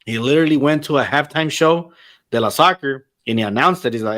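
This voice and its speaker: Male podcast host, mid pitch, casual and profane, gets excitable, drops in Spanish phrases. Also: a little fast. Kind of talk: casual chat.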